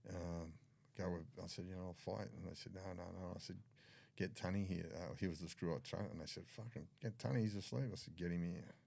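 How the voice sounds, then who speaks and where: A man's voice: sits low, fairly even intonation, fast talker, gravelly, mellow. An older Australian man telling his story in a blunt, profane way, often acting out what others said. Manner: blunt, swears freely, acts out dialogue. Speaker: podcast guest. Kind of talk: candid storytelling.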